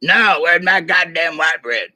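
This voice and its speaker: A man's voice: on the high side, lively intonation, unhurried, sharp tone, dry recording, voice pushed up, full character voice. A man voicing a short-tempered jail sergeant who blusters and swears about stolen bread, in a slightly raised voice. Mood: angry.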